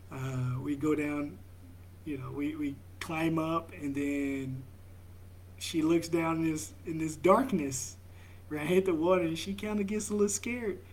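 A young father talking slowly and reflectively, with halting restarts and soft laughs. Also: high voice. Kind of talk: reflective vlog monologue.

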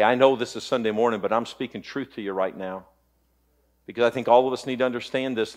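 A male pastor delivering a Sunday sermon, an impassioned preacher who swings between loud peaks and hushed, low passages.

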